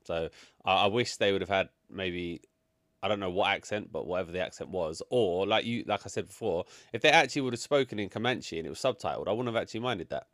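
A man's voice: sits low, fast, fairly bright tone, no room sound, studio quality. A man co-hosting a casual chat, giving blunt, sweary opinions with many fillers. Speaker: podcast co-host reviewing a film.

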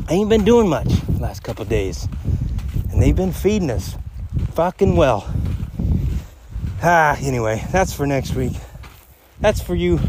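A man's voice: mid-range voice, a little hiss or hum. Crude, rambling podcast man walking outdoors. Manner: crude, profane, joking and rambling. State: a little out of breath from walking uphill. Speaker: podcast host. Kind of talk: casual rambling podcast chat. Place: outdoors on a hunting trip.

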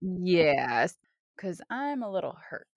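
Upbeat female player, slow and easy delivery, dry close mic. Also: fairly low pitch, sing-song, vocal fry, no room sound, highs cut off. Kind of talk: casual tabletop game play.

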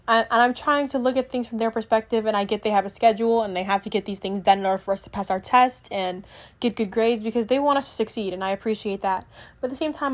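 A teenage girl vlogging in casual chat, rambling and filler-heavy, often trailing off and restarting her sentences. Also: a little high. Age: teens. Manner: self-correcting, trails off and restarts.

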